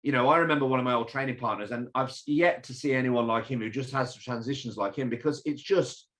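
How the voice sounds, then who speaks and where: Animated English man telling stories. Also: medium pitch, fast. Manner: animated, swears, storytelling. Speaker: podcast guest, fitness expo founder. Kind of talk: casual interview chat.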